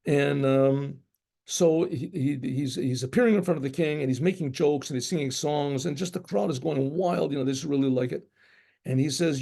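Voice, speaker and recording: Gravelly yet mellow and somewhat dark, this rabbi's voice is pitched a little above the usual male range, and he talks a little fast. He shares a story in a loose, chatty way, doubling back and mimicking its sounds, like shofar blasts.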